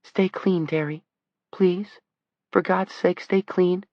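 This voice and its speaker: A teen boy, cracked and unsure, pitched way up; audiobook, dull sound. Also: fairly even intonation, takes it slowly, no echo. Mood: begging. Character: cracked adolescent boy's voice, pleading.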